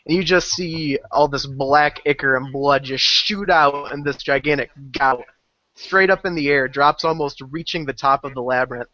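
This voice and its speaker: A man's voice: on the high side, moderate pace, bright, forceful tone. A man playing a tabletop game, describing his character's actions in vivid, graphic detail. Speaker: player. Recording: dry, dull lo-fi call audio.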